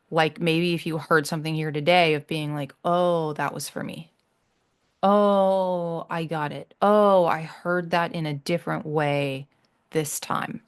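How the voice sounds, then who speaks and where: A woman hosting her own podcast, talking earnestly and reassuringly to listeners, often halting and restarting. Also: low voice, clear, resonant tone. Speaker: podcast host. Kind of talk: heartfelt solo podcast talk.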